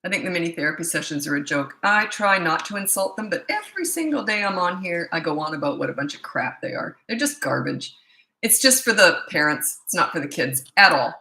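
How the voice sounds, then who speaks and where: A woman parenting coach talks straight to camera in a blunt, emphatic way, hammering her points home by repeating them. Her voice is bright and forceful, and the room gives it a noticeable echo. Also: on the low side, expressive, brisk. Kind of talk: casual advice monologue.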